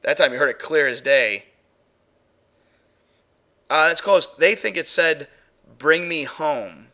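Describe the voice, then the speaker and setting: A man's voice: on the high side, lively intonation, measured pace, sharp tone. A man hosting a live paranormal stream, chatting casually as he plays and reviews audio clips with his chatroom. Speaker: paranormal show host.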